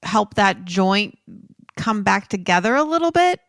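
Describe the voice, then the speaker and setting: A woman's voice: mid-range voice, big pitch swings, a little slow, a bit bright, no room sound, clean studio sound. A woman in a casual podcast conversation asking thoughtful follow-up questions.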